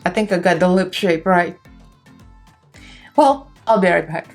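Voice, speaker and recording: A woman's voice: lowish voice, takes it slowly, soft background music. A young woman with a Russian accent chatting casually through a makeup tutorial, laughing often and talking in loose, easy phrases. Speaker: makeup vlogger.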